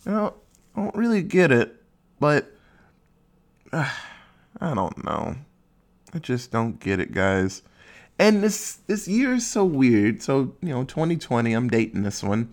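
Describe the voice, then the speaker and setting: A young man hosting a casual solo podcast, rambling and swearing, joking at his own expense and dropping into quick silly voices. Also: medium pitch, sing-song. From Ohio, USA. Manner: rambling, profane, self-mocking, acts out quick silly voices. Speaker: podcast host.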